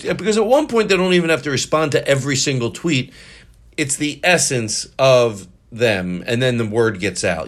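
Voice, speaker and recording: A man hosting a solo podcast, rambling with many restarts and self-corrections, a little high. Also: animated, normal speed. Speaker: podcast host.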